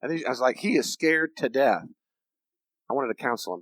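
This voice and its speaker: Emphatic, animated man teaching. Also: medium pitch, a little fast, no room sound, low-quality recording. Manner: emphatic, animated, acts out quoted voices. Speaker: counselor and preacher. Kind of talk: teaching lecture.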